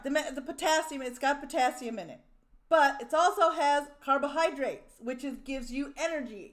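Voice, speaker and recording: A woman's voice: high-pitched, fairly bright tone. A woman streamer in a casual, profane rant, mocking and exasperated as she reacts to a clip.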